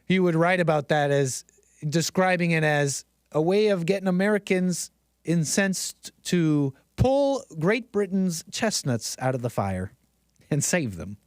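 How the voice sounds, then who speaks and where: A man live-streams a rambling monologue in a slightly high voice, laughing at himself and restarting his thoughts as he goes. His manner is casual and self-deprecating. The close mic gives a dry, unroomy sound. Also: animated, unhurried, no room sound.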